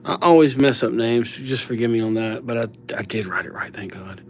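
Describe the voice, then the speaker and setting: A man's voice: medium pitch, moderate pace. A man chatting casually on a live stream, reading out viewers' names as he writes them and thanking subscribers. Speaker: livestreamer writing viewers' names.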